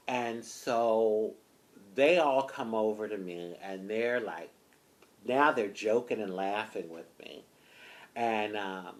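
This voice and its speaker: A woman from the United States telling a personal story in an animated, expressive way, often saying "honey". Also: rumbling low. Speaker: vlogger.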